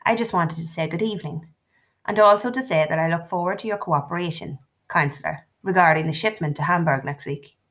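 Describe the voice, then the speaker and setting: A woman's voice: on the low side, a little fast, fairly bright tone, lightly acted. A woman reading the part of a polite, clipped German male army officer in an audiobook. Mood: courteous.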